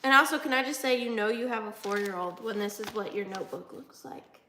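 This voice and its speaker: Chatty excitable woman, bright voice. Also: mid-range voice, brisk, reverberant, a little hiss or hum. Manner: chatty, excitable, jumps between topics. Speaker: antique reseller hosting a livestream. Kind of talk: casual live chat with viewers.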